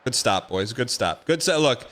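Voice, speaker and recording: A man streaming a football video game, giving excitable running commentary and repeating phrases as he plays. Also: mid-range voice, moderate pace. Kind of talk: live gameplay commentary.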